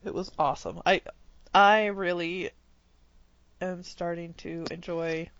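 A woman's voice: fairly low pitch, steady tone, slow pace, dull audio. A woman co-hosting a podcast, chatting casually and giggling often with short reactions. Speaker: podcast co-host. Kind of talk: casual chat.

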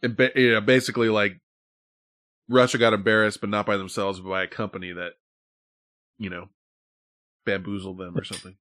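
A man's voice: on the low side, little pitch movement, brisk, long pauses, a bit bright, dry recording, clean studio sound. A man hosting a podcast in casual chat, rambling, laughing often and swearing freely. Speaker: podcast host.

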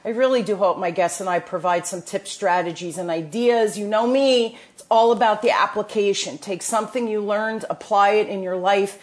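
Here the New Jersey–accented podcast host uses a mid-range voice, moving at a normal pace with hardly any pauses. Her casual talk is upbeat and motivational, full of restarts.

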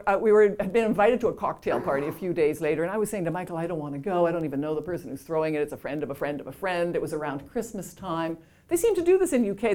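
Lively, laughing woman telling a story. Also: lowish voice. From Canada. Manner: lively, laughing, self-deprecating, acts out quoted voices. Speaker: author telling a story to an audience. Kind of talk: anecdotal storytelling.

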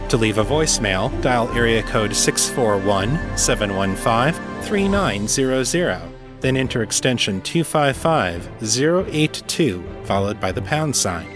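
A man who is an author and podcast host, reading his fiction in a measured, deliberate way. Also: mid-range voice. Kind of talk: scripted fiction narration.

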